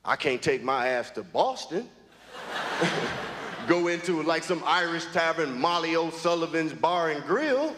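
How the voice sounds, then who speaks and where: A man doing a stand-up set in a comedy club, delivering jokes in a halting, drawn-out way with lots of pauses and fillers. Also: a little high, lively intonation, background noise. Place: comedy club stage before a live audience. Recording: live club recording with hall echo and audience laughter.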